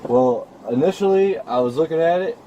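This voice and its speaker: A man's voice: fairly high pitch, expressive, moderate pace, dull audio, noisy background. A man questioned by police, talking in a hesitant, rambling way full of fillers, heard through an officer's body camera. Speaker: trespassing suspect being questioned. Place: outside a vacant house.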